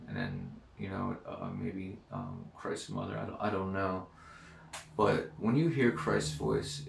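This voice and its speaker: A man with a rough, gravelly, low-pitched voice talks in a loose, hesitant monologue full of pauses and restarts. He sits back from the microphone, and the room around him rings with echo. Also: slight background noise. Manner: halting, hesitant, many ums and restarts. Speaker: dream recounter. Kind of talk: casual spoken monologue. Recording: echoey room, far from the mic.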